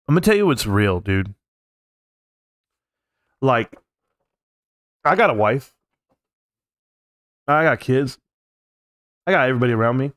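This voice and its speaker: A man's voice: medium pitch, a bit bright, no echo. Male streamer, mid-range voice, dry sound, heartfelt rambling chat from home. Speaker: live-stream host. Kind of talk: casual live-stream talk. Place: at home, alone.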